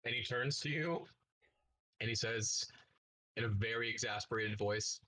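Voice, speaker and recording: A man as game master, narrating a tabletop role-playing game in a relaxed, casual way. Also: on the low side, moderate pace, poor audio.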